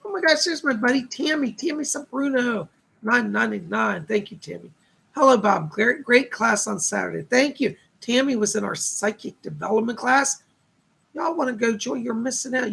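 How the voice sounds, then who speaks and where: A man's voice: very high voice, vocal fry, a bit bright, slightly rough. A man hosting a live stream of psychic readings, chatty and upbeat, reading viewer comments aloud and thanking donors.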